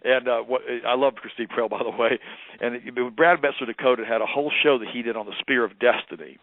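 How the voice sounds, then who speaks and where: A man calls in as a guest on a talk radio show. He talks quickly and emphatically, almost preaching. His voice comes through a thin, tinny phone line with a dry sound. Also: medium pitch, steady tone, no echo.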